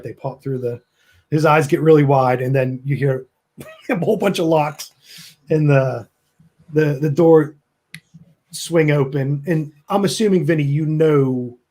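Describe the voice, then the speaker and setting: A man's voice: fairly high pitch, moderate pace, long pauses, a little mellow. A man narrating as game master in a loose, chatty way, laughing often.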